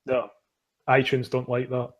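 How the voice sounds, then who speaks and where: A man's voice: medium pitch, monotone, a little slow. A man in casual chat on a talk show, joking crudely and laughing.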